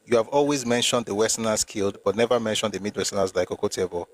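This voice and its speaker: A man's voice: fairly low pitch, quick pace. A Nigerian man hosting a live stream, reading from history books and arguing pointedly with commenters. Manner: argumentative with commenters, rising to emphatic at times. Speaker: host reading and discussing history with live viewers. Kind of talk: casual live-stream talk with read-aloud passages.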